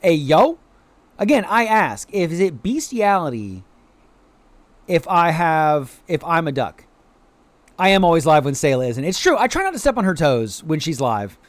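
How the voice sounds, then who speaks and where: Animated man streaming a game, dry sound. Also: a little high, moderate pace, no room sound. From United States. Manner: animated, chatty, greets viewers, playful quacking bits. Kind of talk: casual live-stream chat over gameplay.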